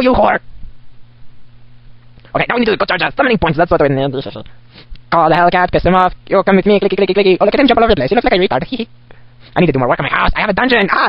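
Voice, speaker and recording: A man's voice: high-pitched, no room sound. Manic cackling man playing a crazed Santa. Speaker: gamer playing in character. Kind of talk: in-character game commentary. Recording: dull lo-fi sped-up desktop recording.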